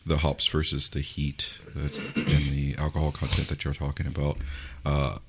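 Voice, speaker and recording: A man in a casual beer-tasting chat, giving thoughtful, halting opinions with many fillers. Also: a bass voice, monotone, slight background noise. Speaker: co-host.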